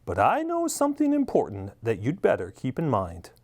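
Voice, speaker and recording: A secretive, knowing voice that speaks from under the earth in a bedtime story, as a man reads it out. It is measured and faintly teasing, with lifts high above the narration and a wide, lively pitch range. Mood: cool. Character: mysterious hidden prince's voice, calm and knowing. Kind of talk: read-aloud storybook voice.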